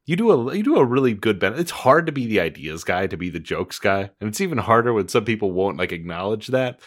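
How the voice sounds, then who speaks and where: A man's voice: lowish voice, big pitch swings, fast. A man co-hosting a podcast in casual comedic chat, playful and often laughing. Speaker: podcast co-host.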